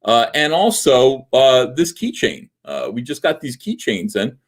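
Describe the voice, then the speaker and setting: Male stream host, loose jokey rambler, full of "uh"s, very animated intonation. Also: mid-range voice, unhurried. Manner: rambling, jokey, filler-heavy. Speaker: livestream host. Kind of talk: casual livestream chat.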